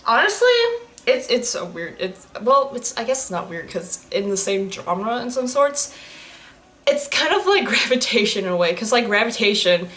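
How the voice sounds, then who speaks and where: An animated, slightly high, somewhat bright voice at a moderate pace belongs to this young adult woman. She reacts to anime on YouTube with giggly, rambling, casual commentary, laughing often and joking at the screen.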